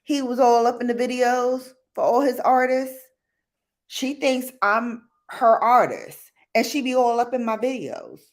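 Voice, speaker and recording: A woman hosting a casual storytime livestream, animated and laughing often, acting out quotes. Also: on the high side, a little slow. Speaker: livestream host.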